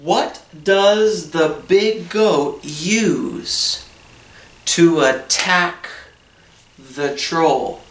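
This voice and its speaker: A man's voice: on the high side, extremely slow, a little hiss or hum. A man teaching an English lesson, asking simple questions about a story and then answering each one in plain words. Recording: echoey room, voice from a distance.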